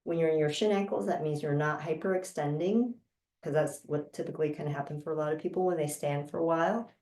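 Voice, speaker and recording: A woman instructor calmly guiding a breathing exercise with slow, measured cues. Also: low-pitched. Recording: roomy sound from a distance.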